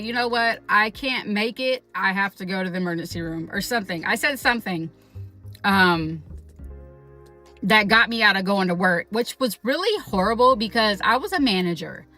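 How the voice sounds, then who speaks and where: Bright-voiced woman telling a story. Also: medium pitch. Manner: animated, profane, quotes people in raised voice. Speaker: vlogger. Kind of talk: casual storytime.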